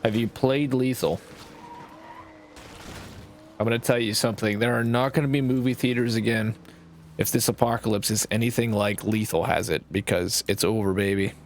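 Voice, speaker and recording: A man's voice: on the low side, steady tone, normal speed, a little hiss or hum. A man with a Canadian accent and a nasal-sounding voice, rambling and swearing casually through gameplay commentary as a streamer. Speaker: game streamer.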